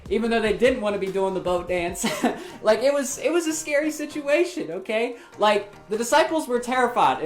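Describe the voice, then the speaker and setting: A woman leading a children's ministry, retelling a Bible story to kids in an animated storytelling manner. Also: fairly low pitch. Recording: roomy with faint music.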